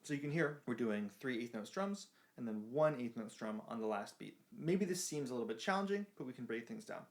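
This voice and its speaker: A man's voice: medium pitch, lively intonation, a little fast. Man teaching ukulele, counting beats. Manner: explains patiently, counts beats aloud over strumming. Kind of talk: music lesson. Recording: ukulele playing behind voice.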